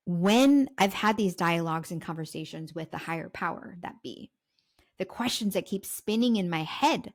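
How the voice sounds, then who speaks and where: A woman's voice: lowish voice, no echo, studio quality. A young adult woman hosting a podcast, in a raw, emotional confessional monologue. She swears, repeats herself, and says her throat is sore. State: throat sore while sharing. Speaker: podcast host and self-love coach.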